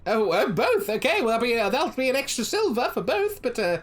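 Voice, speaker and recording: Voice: mid-range voice, big pitch swings, a little fast, pitched above the performer's own voice. A game master voicing a cheerful, fussy female gnome food seller who talks politely with little hesitations, in a tabletop game. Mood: chirpy. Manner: polite, chirpy, hesitant with ums. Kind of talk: tabletop role-play voice.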